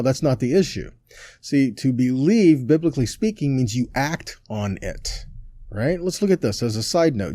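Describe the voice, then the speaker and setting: A man with a warm, mellow voice leads a relaxed Bible teaching, reading scripture aloud and pausing for rhetorical check-ins. His pitch sits in an ordinary middle range. The recording is dry and close, with no room sound. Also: no room sound.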